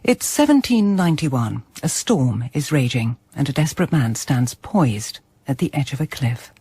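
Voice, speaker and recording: A narrator introducing the drama in a calm, measured way. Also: mid-range voice, husky. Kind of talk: scripted narration.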